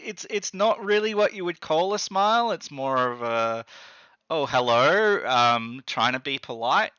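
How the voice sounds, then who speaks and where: Bright, clear-voiced game master. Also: male voice, fairly high pitch, steady tone, moderate pace, no room sound, dull audio. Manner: hesitant, lots of ums and restarts. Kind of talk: narrating a tabletop game.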